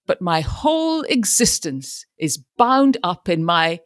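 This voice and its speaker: A lofty, self-pitying old ironmonger, fussing and grand in a storybook reading, as a woman narrator puts him on. His lines rise high and swing widely, in a dry, close sound. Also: very animated, slow, fairly bright tone, no echo, heavily acted. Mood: lofty, fussy. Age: older. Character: fussy pompous retired ironmonger, older man.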